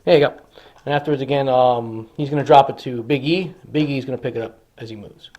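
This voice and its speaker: A man's voice: mid-range voice, fast, darkish tone. A man casually narrating a tabletop wargame battle report, enthusiastically dramatizing the action. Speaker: hobby wargamer.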